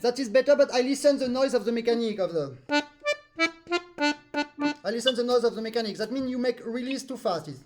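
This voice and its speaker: A man's voice: very high voice, animated, fairly quick, pauses often, a little mellow, faint music behind. A man with a French accent, a non-native English speaker, teaching a live online accordion master class and singing rhythms with syllables.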